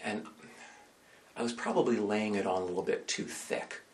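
A man, a priest, preaching a conversational sermon full of rhetorical questions, swinging between loud and soft. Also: on the low side, expressive, moderate pace, a little hiss or hum.

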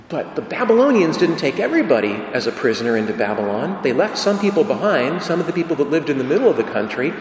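A man's voice: medium pitch, a little hiss or hum. A man giving an emphatic sermon, asking rhetorical questions and repeating key phrases. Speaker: preacher. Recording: echoey church from a distance.

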